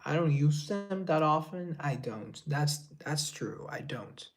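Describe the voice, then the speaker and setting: Slow-talking man answering live chat. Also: fairly high pitch, expressive. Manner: reads chat aloud, drops into whispered asides. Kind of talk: casual live-stream chat.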